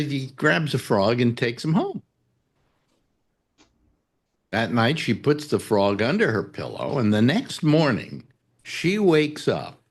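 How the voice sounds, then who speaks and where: A man hosting a talk show, telling jokes and rambling stories in casual chat. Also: medium pitch. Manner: rambling storyteller, breaks into sung and acted voices. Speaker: radio talk show host.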